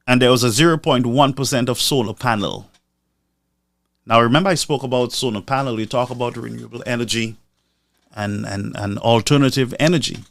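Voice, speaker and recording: A man's voice: medium pitch, a little fast, vocal fry, a bit bright, no room sound, studio quality. A man from Lucia, giving commentary on a live stream and repeating figures for emphasis. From Saint Lucia.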